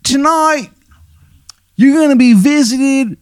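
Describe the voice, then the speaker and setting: A shrill, drawn-out male spirit voice with a thick Maryland accent, as a man puts it on. It calls everyone hun and sounds mock-festive. The recording is dry and close. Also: dry recording. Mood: drawling. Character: disembodied male voice with a thick Baltimore drawl, beer-swilling.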